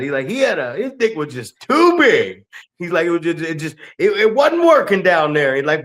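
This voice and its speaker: A man's voice: a little high, very animated, brisk, a bit bright. A man co-hosting a wrestling podcast, telling crude rambling stories in casual chat and slipping into quoted voices. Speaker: podcast co-host.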